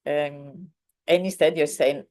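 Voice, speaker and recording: A woman's voice: low voice, steady tone, slow, mellow. A woman teaching a beginners' online language lesson, explaining patiently with many ums and self-corrections. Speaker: Italian teacher.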